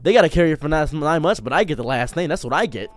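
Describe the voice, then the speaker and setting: Guy streamer doing a sarcastic mock-macho rant, fairly high voice, dry sound. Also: expressive, rapid-fire, no echo, soft background music. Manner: mock-macho, swinging from booming to muttered. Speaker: streamer and commentator.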